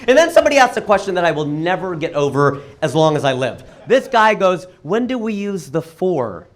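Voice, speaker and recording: A man doing a stand-up comedy set for a live audience, firing off quick punchlines with sudden leaps in pitch. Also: sing-song. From United States. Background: audience laughter.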